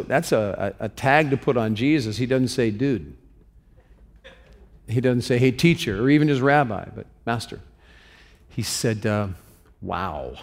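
A male pastor preaches with animated energy, throwing questions out to his congregation and stumbling over repeated words as he builds up. His mid-pitched voice carries a long reverb from the hall around him. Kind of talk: interactive sermon.

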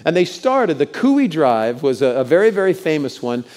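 A man's voice: a little high, sing-song, moderate pace, darkish tone. A middle-aged male pastor preaching a sermon to his congregation, telling stories and leading them in call-outs. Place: church sanctuary with congregation.

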